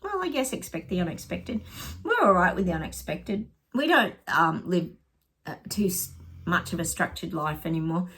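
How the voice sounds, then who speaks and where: A woman's voice: fairly low pitch, a bit bright, slight background noise. A middle-aged woman, a psychic, chatting casually to viewers while pulling tarot cards, rambling and laughing often. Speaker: psychic giving tarot predictions.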